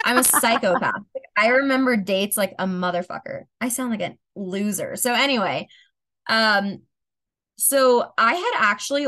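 A woman's voice: on the high side, fairly bright tone. A young woman co-hosting a podcast, telling a candid story in a rambling way full of fillers, a little tipsy. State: slightly intoxicated. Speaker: podcast co-host. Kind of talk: casual confessional chat.

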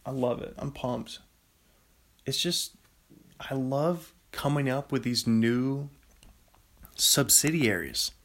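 A man hosting his own podcast in the small hours, talking in an unhurried, rambling way. His voice has a gravelly fry to it. He drifts between ideas and breaks into excited laughter. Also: mid-range voice. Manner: loopy, rambling, excitable with sudden laughing bursts. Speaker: podcast host. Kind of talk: solo late-night podcast ramble.

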